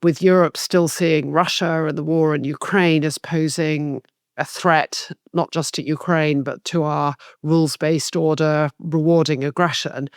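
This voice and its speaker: A woman's voice: deep voice, no echo, clean studio sound. A woman co-hosting a political podcast, laying out her points in a structured, analytical way. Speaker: podcast co-host.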